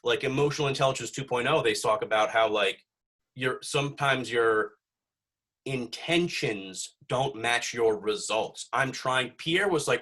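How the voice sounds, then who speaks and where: A young man runs a podcast, talking casually and wandering off topic with lots of fillers and swearing. He speaks a little slowly, at medium pitch, with a slightly bright sound.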